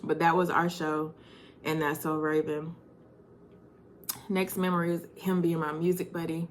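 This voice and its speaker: A woman in her thirties telling personal stories in a vlog, animated and laughing as she reminisces. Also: low-pitched, unhurried, slight background noise. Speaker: vlogger.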